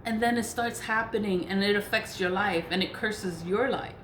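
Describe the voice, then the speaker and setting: A woman's voice: mid-range voice, normal speed, fairly bright tone. A woman spiritual practitioner in a casual vlog rant, blunt and profane, laughing between points. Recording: echoey room with faint noise.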